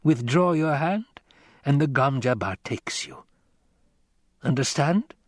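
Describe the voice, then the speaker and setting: A man voicing a menacing old woman who speaks slowly and commandingly, recorded dry and close. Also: mid-range voice, expressive, dry recording, pitched above the performer's own voice. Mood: stern, menacing. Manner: slow, stern, commanding. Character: menacing old female witch-like crone.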